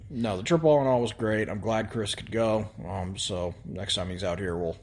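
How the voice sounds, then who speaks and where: A man co-hosting a podcast in casual chat, easygoing and halting, with lots of fillers and restarts. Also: on the low side, a little mellow, a little hiss or hum. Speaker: podcast co-host.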